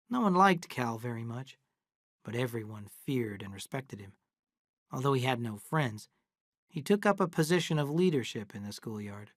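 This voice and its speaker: A narrator reading a novel aloud in a slow, even way as a story for English learners. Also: medium pitch, no echo, studio quality.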